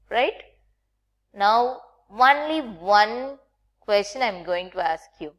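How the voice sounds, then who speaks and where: A woman teaching a recorded grammar lesson with Indian English phrasing, patient and checking in often with the class. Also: on the high side.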